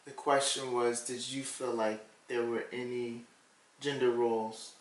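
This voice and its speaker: A man co-hosting a casual conversation, measured and a little hesitant, asking questions. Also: medium pitch, level tone, distant mic. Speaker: co-host. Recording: echoey room, a little off-mic.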